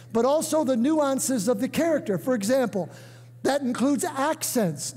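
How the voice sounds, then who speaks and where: An older man preaching a sermon, emphatic, breaking into shouts and calling on the congregation to answer. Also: very high voice. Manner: emphatic, bursts into shouts and calls for response. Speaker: guest preacher. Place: church sanctuary. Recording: echoey church hall.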